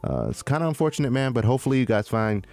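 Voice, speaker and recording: A man co-hosting a casual crypto podcast, animated and slangy, calling people "man" and "dude". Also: medium pitch, very fast, soft background music. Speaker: podcast co-host. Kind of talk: casual chat.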